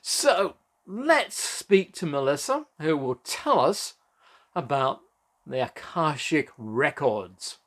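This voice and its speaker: A host introduces the next guest casually, speaking slowly with a pitch that moves a lot. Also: male voice, sing-song, fairly bright tone. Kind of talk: show introduction.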